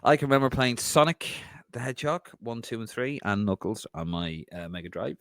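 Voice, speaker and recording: A man's voice: medium pitch, brisk, a bit bright, dry recording, clean studio sound. A man hosting a podcast, chatting casually and laughing as he reads out viewer comments. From Ireland.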